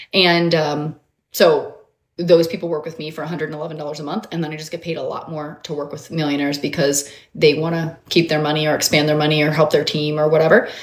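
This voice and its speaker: A woman hosting a motivational livestream as a mindset coach, animated and emphatic, talking straight to her viewers. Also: low voice. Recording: roomy echo.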